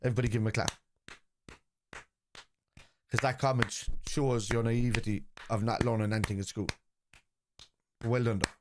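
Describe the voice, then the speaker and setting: A man's voice: mid-range voice, fairly even intonation, moderate pace, pauses often, background noise. A man from Liverpool in casual live-stream chat, rambling and teasing commenters as he reads out messages during a football watchalong.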